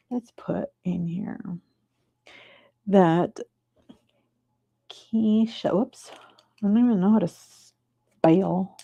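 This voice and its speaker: A woman hosting a live stream from her desk, chatting casually and breaking into high excited cheers, on a clip-on mic. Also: gravelly, slightly rough, dull audio. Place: home desk. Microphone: clip-on mic in her shirt.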